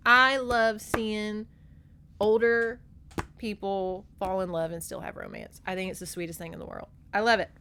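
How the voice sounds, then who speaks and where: A woman's voice: mid-range voice, fairly even intonation, normal speed, a bit bright, clean tone. A young adult woman hosting a podcast, recapping a novel in a chatty, gushing way, swearing freely, close on a microphone. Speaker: podcast host. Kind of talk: casual book recap.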